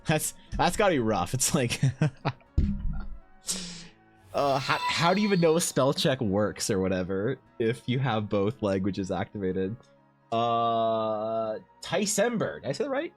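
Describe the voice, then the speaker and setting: A young man talks casually to his stream viewers, his pitch swinging up and down as he rambles. He swears freely and fills his talk with likes and you-knows, over faint music in the background. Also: unhurried. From Canada. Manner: rambling, animated, swears freely, lots of fillers.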